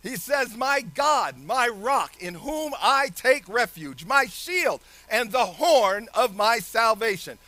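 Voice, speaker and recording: A man with a very high, bright voice delivers an animated sermon at a slow pace with few pauses, laughing often and shouting some phrases. The recording is dry and close.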